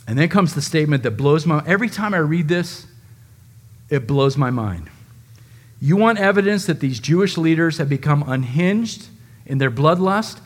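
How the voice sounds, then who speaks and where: A man delivering a sermon with a slightly high-pitched voice. He speaks dramatically, acting out quoted speech and rising and dropping his volume for effect. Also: animated, normal speed. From United States. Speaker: pastor.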